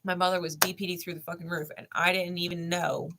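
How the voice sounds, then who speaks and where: Woman, 30s, lowish pitch, bright edge; blunt, emphatic personal storyteller who swears freely. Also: level tone, quick pace, a little hiss or hum. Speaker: spiritual channel host.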